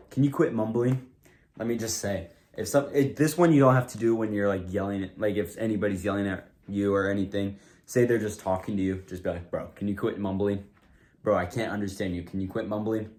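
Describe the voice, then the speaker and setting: A man's voice: on the low side, a little mellow. A man giving casual advice to a camera in a rambling, filler-heavy way, full of "like" and restarts. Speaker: comedy video creator.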